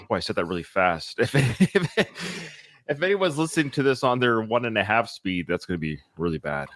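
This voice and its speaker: A man's voice: on the low side, sing-song, normal speed, fairly bright tone, faint music behind. A man hosting a podcast in casual chat, chatty and jokey, often correcting himself. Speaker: podcast host.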